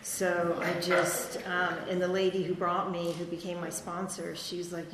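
A middle-aged woman speaking to a recovery group, halting and rambling with many ums, laughing at herself as she shares her story. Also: fairly low pitch, flat delivery, slight background noise. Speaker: speaker sharing at a recovery meeting. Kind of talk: personal testimony to a group. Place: meeting hall. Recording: echoey hall, faint room ambience.

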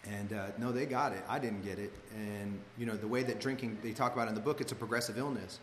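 A man's voice: fairly low pitch, fairly even intonation, fast talker, a little hiss or hum. A man from Los Angeles, telling a personal story in a loose, slangy way, full of "like" and "you know.". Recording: echoey hall with long reverb, faint ambience.

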